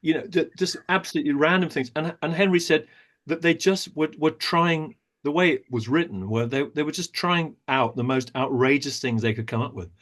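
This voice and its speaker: Speaking at a moderate pace, this actor-director has a slightly high, fairly bright voice. He's a podcast guest in an interview, talking at length like a thoughtful storyteller with frequent little restarts.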